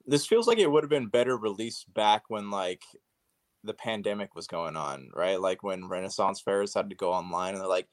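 A man's voice: lowish voice, expressive, normal speed, dry recording, clean studio sound. A man co-hosting a podcast in loose, casual chat, peppered with fillers. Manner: loose, filler-heavy, talks with "like". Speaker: podcast co-host.

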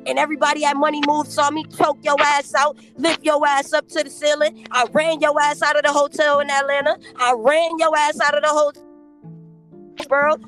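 A woman's voice: high-pitched, fairly bright tone. A woman on a podcast, ranting in a brash, profane, confrontational way. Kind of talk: heated casual podcast talk.

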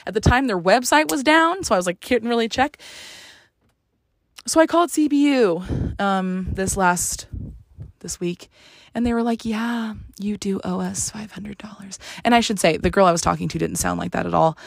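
A woman's voice: medium pitch, expressive, moderate pace, creaky, long pauses, no room sound. A young woman telling a story in a casual, sarcastic, exasperated rant.

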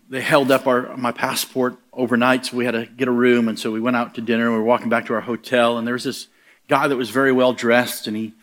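A man's voice: medium pitch, fairly bright tone. A middle-aged man preaching a sermon, telling stories and acting out the voices he quotes, building to emphatic punchlines.

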